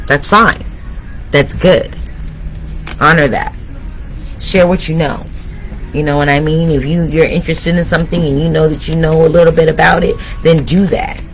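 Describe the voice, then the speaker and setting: A man's voice: mid-range voice, slight background noise, rough recording. A man giving a tarot reading, speaking straight to his viewers and urging them on. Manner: motivational, addresses viewers directly. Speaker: tarot reader.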